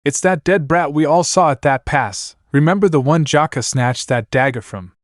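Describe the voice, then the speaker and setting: A man voicing a rough male soldier who jeers loudly from a crowd. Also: a little high, moderate pace, dry recording, studio quality, pitched above the performer's own voice, lightly acted. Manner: loud, jeering.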